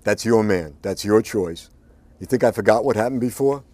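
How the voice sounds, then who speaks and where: A man voicing a cold, calm outlaw who speaks quietly and with contempt in an audiobook. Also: lowish voice, normal speed, dry recording, close to an everyday voice. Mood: contemptuous. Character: cold, menacing adult male outlaw. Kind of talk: audiobook narration.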